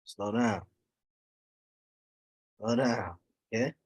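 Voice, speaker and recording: Man, husky voice, teacher in a classroom, repeats himself, keeps asking if students follow. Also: fairly low pitch, drawn-out words. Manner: repeats points, checks students with "okay?". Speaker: Quran recitation teacher. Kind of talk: classroom lesson.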